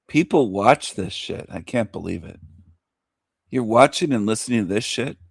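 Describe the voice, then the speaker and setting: A man's voice: fairly low pitch, animated, moderate pace, creaky, breathy edge, no echo. Sneering middle-aged man, dry close mic. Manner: crude, sneering, insulting. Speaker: host. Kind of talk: mocking reaction commentary.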